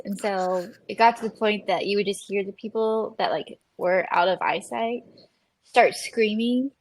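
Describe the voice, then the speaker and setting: Chatty woman with a gravelly edge. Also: medium pitch. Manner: chatty, laughs often while telling stories. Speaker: podcast guest, ultrarunner. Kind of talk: casual podcast chat.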